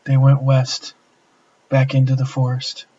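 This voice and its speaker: A man plays a panicked farmer who stumbles over his words. The voice stays flat and slow. It comes through dull lo-fi stream audio. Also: medium pitch, breathy edge. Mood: frantic. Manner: stammering, frantic. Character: panicked male farmer, distraught.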